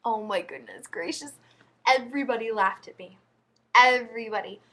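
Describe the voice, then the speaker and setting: Bright, chatty young-sounding woman vlogger. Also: fairly high pitch, moderate pace. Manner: chatty, giggly, rambling. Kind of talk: casual storytelling to camera.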